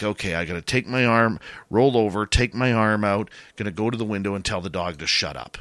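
Low-voiced man telling a ghost story. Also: no echo. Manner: animated, rising and louder at the scary parts. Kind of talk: casual storytelling.

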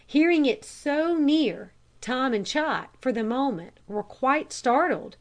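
A woman reading a children's storybook aloud in a calm, measured narration. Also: sits high. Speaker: audiobook reader.

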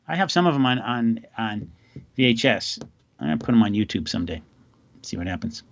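A man's voice: lowish voice, big pitch swings, brisk, no echo, muffled recording. A man hosting a podcast, telling stories in a loose, rambling, wry way. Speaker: podcast host. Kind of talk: casual chat.

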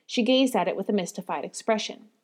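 Woman reading a classic storybook aloud. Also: mid-range voice. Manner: measured, storytelling. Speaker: audiobook narrator. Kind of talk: scripted narration of a classic novel.

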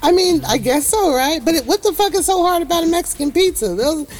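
A woman's voice: very high-pitched, expressive, a little fast. A woman, chatting brashly on a podcast, swearing freely and acting out voices. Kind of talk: casual profane chat.

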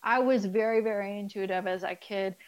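A woman's voice: medium pitch, a little fast, low-quality recording. Chatty woman coach telling her story. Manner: animated storytelling, acts out quoted dialogue; candid, swears casually and laughs. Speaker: guest, spiritual life coach. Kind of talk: casual interview conversation.

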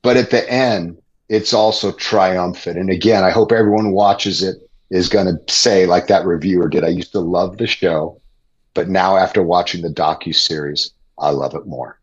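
A middle-aged man, a guest on a podcast, telling an animated story with excitement and laughter. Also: low-pitched, moderate pace, slightly rough, dull audio. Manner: excited, laughing anecdote teller. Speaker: guest, former TV gladiator.

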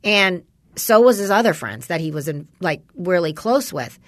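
A woman's voice: lowish voice, animated, moderate pace, no echo, studio quality. A woman in casual chat with a friend, rambling through a story about her son and acting out what people said. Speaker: parent chatting with a friend.

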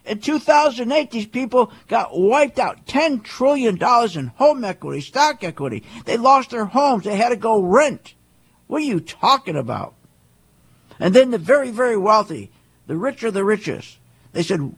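A man with a husky voice giving an emphatic monologue, firing off rhetorical questions and acting out quoted voices. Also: very high-pitched, sing-song, moderate pace. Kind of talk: animated monologue on markets.

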